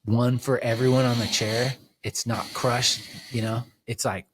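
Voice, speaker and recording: A man's voice: medium pitch, flat delivery, unhurried, fairly bright tone. A middle-aged man chatting as a podcast guest in a laid-back, rambling way, full of "like" and "um". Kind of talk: casual chat.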